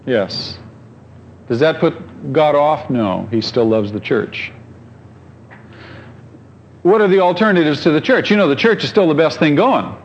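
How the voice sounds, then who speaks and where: A man's voice: a little high, lively intonation, measured pace, long pauses, lo-fi sound, a little hiss or hum. A pastor preaching a conversational sermon, asking his congregation questions and telling stories.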